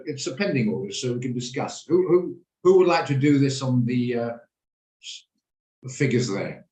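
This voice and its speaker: A man's voice: mid-range voice, expressive, normal speed, dark tone, reverberant, rough recording. A man hosting a live trading lesson on a video call, explaining his orders and checking in with attendees by name. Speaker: trading room host. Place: home office on a video call.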